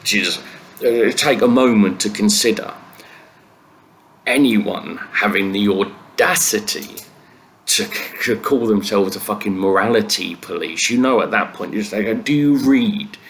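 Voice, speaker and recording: A comedian going through the news in a sweary, sardonic rant full of fillers and restarts. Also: male voice, fairly low pitch, measured pace, creaky, a bit bright, slight background noise.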